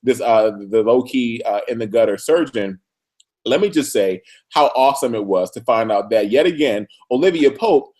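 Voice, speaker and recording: A man co-hosting a casual TV recap chat, animated and acting out characters. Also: normal speed. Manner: animated, acts out characters with big pitch jumps. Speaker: podcast co-host.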